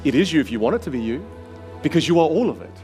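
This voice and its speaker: Man, communication coach, workshop coaching, lively swinging pitch, acts out quotes, faint music behind. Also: racing. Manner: animated, acts out quoted voices. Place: workshop room.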